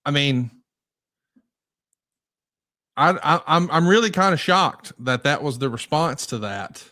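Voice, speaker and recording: Higher-voiced man co-hosting a podcast. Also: expressive, unhurried, pushed and bright. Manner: conversational, prompts with questions. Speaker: podcast co-host. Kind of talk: casual chat.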